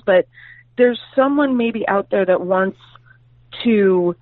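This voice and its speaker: A woman comedian swears her way through an animated story as a podcast guest. Her voice comes through a tinny, phone-like channel. The sound is dry and close, with no room around it. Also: fairly high pitch, moderate pace, no echo. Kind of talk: casual podcast chat.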